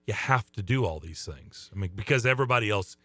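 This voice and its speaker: A middle-aged man who coaches youth baseball, co-hosting a sports radio show with a somewhat hoarse voice and teasing, upbeat banter. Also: fairly low pitch, animated, quick pace, sharp tone, no echo. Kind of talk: casual radio chat.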